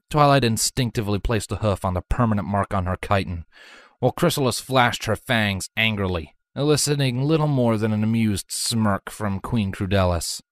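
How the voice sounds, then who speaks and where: A woman narrating a fan fiction story in an expressive storytelling manner. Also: very deep voice, normal speed, no room sound.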